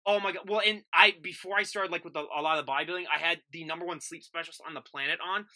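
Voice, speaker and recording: Fast-talking bright Minnesotan man. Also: fairly high pitch, fairly even intonation. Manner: rambling, goes off on tangents. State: tired after work. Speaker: podcast host. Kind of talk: casual interview chat.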